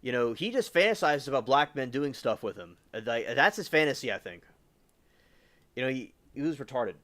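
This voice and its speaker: A man's voice: medium pitch, animated, fairly quick, fairly bright tone. A man from the US South hosting a livestream, rambling casually with lots of fillers and restarts. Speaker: livestream host.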